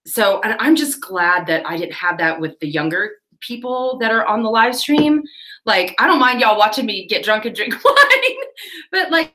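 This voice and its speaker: A woman chatting casually on her livestream, telling a rambling story with quick laughs while she cleans her tack. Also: medium pitch, sharp tone. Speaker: livestream host.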